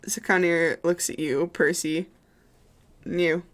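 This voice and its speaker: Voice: medium pitch, steady tone, takes it slowly, a bit bright. A game master narrating a tabletop game on a stream, hesitant and full of filler words as they describe the scene. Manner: hesitant, many fillers and restarts.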